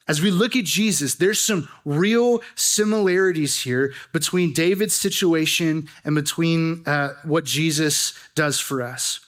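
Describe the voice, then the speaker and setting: A man's voice: a little high, a bit bright. A young adult man preaching a sermon as a student pastor, telling a personal story and then building to earnest, urgent emphasis.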